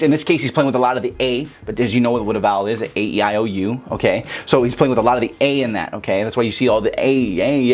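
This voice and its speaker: A young man giving a loose, casual rap lesson, cursing freely and breaking lyrics down vowel by vowel. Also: mid-range voice. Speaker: rap teacher. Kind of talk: casual tutorial talk.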